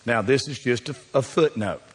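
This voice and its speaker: A man's voice: medium pitch, normal speed, slightly rough, in a large hall. A man preaching a sermon in a church sanctuary, folksy and dramatic, talking straight to the congregation.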